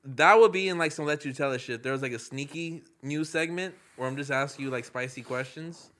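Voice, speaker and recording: A man co-hosting a casual podcast, teasing his friends with quick comebacks. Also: medium pitch, fairly bright tone. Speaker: podcast co-host. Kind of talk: casual group chat.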